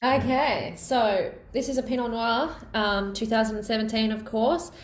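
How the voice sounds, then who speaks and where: A woman's voice: on the high side, measured pace. Easygoing female co-host, laughs a lot, echoey room with faint hiss. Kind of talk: casual chat.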